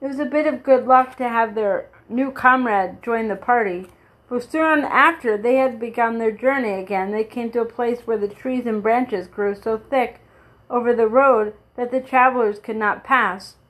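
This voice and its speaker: A woman reads a children's storybook aloud in a fairly high voice. She keeps a steady, plain narrating pace and stumbles now and then before going on. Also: moderate pace, poor audio. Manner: steady reading with small slips and restarts. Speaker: reader.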